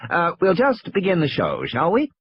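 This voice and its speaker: A man's voice: sits high, huge pitch swings, moderate pace, slightly rough, voice pushed up, heavily acted. A man voicing an upbeat, salesy male park publicist with a chirpy tour-guide patter. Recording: dull lo-fi recording.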